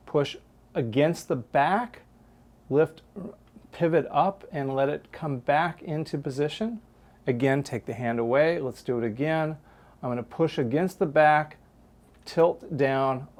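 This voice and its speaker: A man in a college darkroom, walking students through a hands-on demonstration. He talks patiently and explains each step in turn, with a plain, mid-pitched voice. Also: darkish tone. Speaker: photography instructor.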